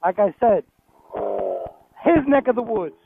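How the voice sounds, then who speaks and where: A man's voice: very high-pitched, animated, unhurried. A man from New York City vlogging while riding a motorcycle, chatting animatedly and joking, with plenty of swearing. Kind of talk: casual chat while riding. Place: on a motorcycle, outdoors on town roads. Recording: tinny, phone-like with loud music.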